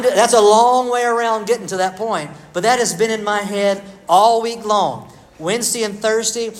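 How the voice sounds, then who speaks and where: A middle-aged man delivers a sermon like a chat with friends, poking fun at himself and calling on people in the pews. His voice sits a little high for a man. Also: poor audio. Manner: conversational, self-deprecating, addresses the congregation by name. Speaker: pastor.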